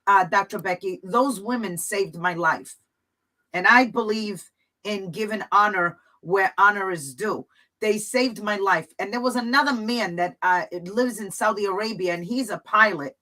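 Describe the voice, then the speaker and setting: A talk show host shares her personal testimony with her guest, speaking earnestly and from the heart. Her voice is mid-range with a sharp tone, and the audio quality is poor.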